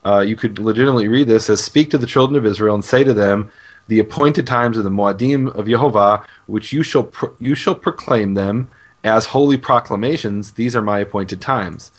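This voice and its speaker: A man explaining Hebrew terms in a Bible study chat, measured and teacherly with frequent fillers. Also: lowish voice. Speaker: Hebrew scholar co-host. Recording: dull lo-fi recording.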